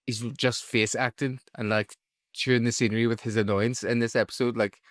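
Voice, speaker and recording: A man co-hosting a casual chat podcast, enthusiastic and quick to laugh. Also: mid-range voice, flat delivery, no room sound, clean studio sound. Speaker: podcast co-host.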